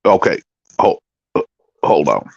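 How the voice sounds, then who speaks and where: A man's voice: deep voice, very animated, unhurried, vocal fry, a little mellow, husky, no echo. A man co-hosting a casual livestream chat, swearing freely and mocking. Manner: profane, mocking. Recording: dry, muffled lo-fi audio.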